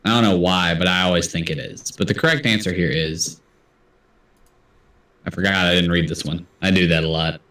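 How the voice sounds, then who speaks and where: A man's voice: low voice, steady tone, normal speed, a bit bright, far from the mic. Chatty male trivia host, roomy sound. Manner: chatty, self-deprecating, reads answers aloud. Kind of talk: casual livestream trivia hosting.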